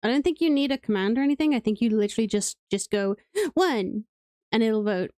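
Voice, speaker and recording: A woman's voice: fairly high pitch, fairly quick, dark tone, no echo, clean studio sound. A woman from Wales with a British accent, chatting playfully and rambling through live gameplay commentary as a streamer. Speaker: game streamer.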